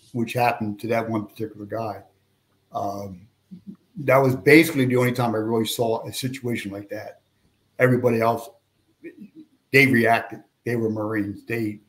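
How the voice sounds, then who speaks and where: An older man from Pennsylvania, a guest telling lively anecdotes in an interview and raising his voice for quoted people. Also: medium pitch. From Pennsylvania, USA. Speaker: guest, veteran and retired police officer. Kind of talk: storytelling in a podcast interview.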